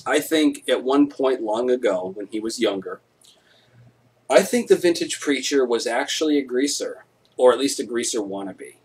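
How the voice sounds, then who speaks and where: Husky male streamer, casual, swears a lot, rambling jokey storyteller. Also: medium pitch, animated, moderate pace. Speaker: live stream host.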